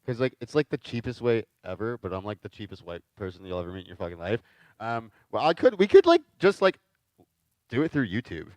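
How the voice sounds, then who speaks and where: A man hosting a casual chat, lively and quick to laugh, often stammering as he starts his questions. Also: fairly low pitch, no echo. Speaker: interviewer.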